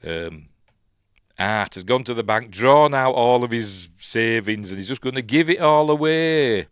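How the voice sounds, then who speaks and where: A man's voice: medium pitch, expressive, measured pace, smooth, no room sound, clean studio sound. A man with a Yorkshire accent hosts a podcast and recaps a film in a loose, chatty way. He fills his talk with ums, corrects himself often and adds wry asides. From Yorkshire, England. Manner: rambling and chatty, with many ums and self-corrections; wry asides and soft chuckles. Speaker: podcast host reviewing a film. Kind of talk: casual film recap commentary.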